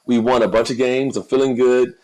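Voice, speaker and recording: A man's voice: mid-range voice, little pitch movement, a little fast, darkish tone, low-quality recording. A man co-hosting a podcast, chatting casually about football and celebrity news, often repeating words as he searches for what to say. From United States. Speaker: podcast co-host. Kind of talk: casual chat.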